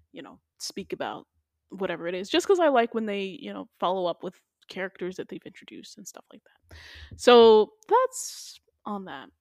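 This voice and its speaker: A woman's voice: medium pitch, no room sound, studio quality. A young woman hosting a podcast, recapping a TV episode in a playful, slangy way. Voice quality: animated, playful delivery with slang. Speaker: podcast host. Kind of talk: casual TV recap chat.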